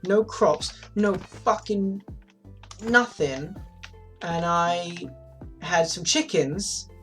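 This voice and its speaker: Low-voiced woman streamer, swearing freely. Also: drawn-out words, soft background music. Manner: rambling, swears freely, frequent restarts. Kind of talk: casual chat while gaming.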